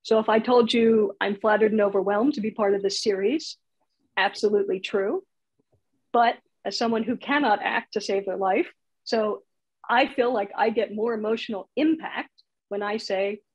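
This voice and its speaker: Chatty husky woman teaching comedy. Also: medium pitch, moderate pace, highs cut off. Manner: chatty, laughs at her own examples. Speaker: comedy writing instructor. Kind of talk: casual online workshop talk.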